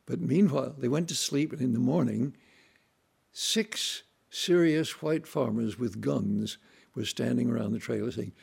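A man telling family stories in a relaxed, folksy way, acting out voices and sounds as he goes. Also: medium pitch, a little slow, gravelly, breathy edge. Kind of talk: relaxed anecdotal storytelling.

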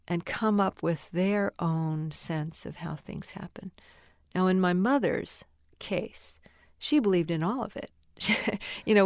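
An older woman novelist answering interview questions thoughtfully, pausing to search for words and laughing now and then. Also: on the low side, creaky, dry recording, clean studio sound. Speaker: novelist interviewed about her work.

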